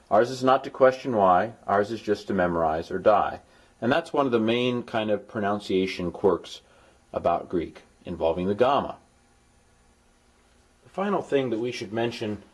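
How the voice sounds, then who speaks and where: A man recording a language lesson as a tutor, explaining patiently and dropping playful, jokey asides to his students. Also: on the low side. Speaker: Greek tutor.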